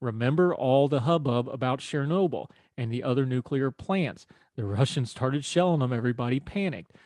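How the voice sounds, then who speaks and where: A man's voice: mid-range voice, expressive, moderate pace, darkish tone, dry recording. Folksy man hosting talk radio. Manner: folksy, conversational, wry asides. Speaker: radio show host. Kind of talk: political talk radio monologue. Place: radio studio.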